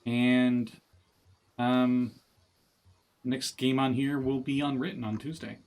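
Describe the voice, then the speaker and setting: A man's voice: medium pitch, little pitch movement, slow pace, darkish tone. A man hosting a tabletop game stream, wrapping up in casual chat with loose phrasing and fillers. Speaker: stream host and game master.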